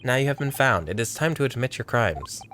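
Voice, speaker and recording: A man reading a smug male detective's lines in a lower, mock-menacing voice while playing a game. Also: expressive, a little fast, a bit bright, a little hiss or hum, close to an everyday voice.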